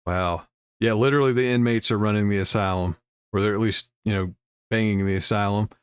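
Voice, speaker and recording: A man's voice: fairly low pitch, fairly even intonation, brisk, clear, resonant tone, dry recording. A man hosting a casual commentary video, reading news aloud and adding wry asides with frequent chuckles. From United States.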